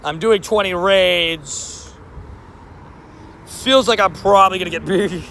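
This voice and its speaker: A young man streaming a mobile game while walking outdoors, chatting and joking at himself, his voice a little hoarse. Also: high-pitched, takes it slowly, sharp tone, slight background noise. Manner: chatty, joking, self-mocking banter. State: slightly hoarse, losing voice. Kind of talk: casual livestream commentary while playing.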